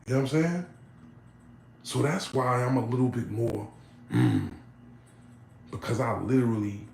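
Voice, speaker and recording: A man's voice: mid-range voice, darkish tone, a little hiss or hum. A man telling a personal story to camera, talking casually and animatedly, with a lot of slang and swearing. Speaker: vlogger. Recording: roomy room with faint ambience.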